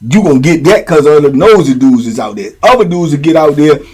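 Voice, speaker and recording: Man, somewhat high voice, casual prison storyteller, street slang, keeps checking in with the listener. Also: lively intonation, a little fast, a little mellow, slightly rough. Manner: streetwise slang, frequent "you know what I'm saying". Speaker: host telling prison stories.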